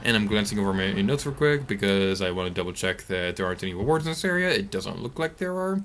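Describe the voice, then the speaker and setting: A young man talking through a video game as he plays, chatty and excitable, laughing often. His voice sits fairly low but has a bright, forward edge to it. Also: fast, a little hiss or hum. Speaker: let's play host. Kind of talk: gameplay commentary.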